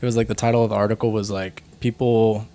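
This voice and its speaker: A man's voice: lowish voice, flat delivery, fast, warm tone. A young man co-hosting a podcast in a laid-back, casual chat full of "like" and "dude". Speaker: podcast co-host. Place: from Phoenix.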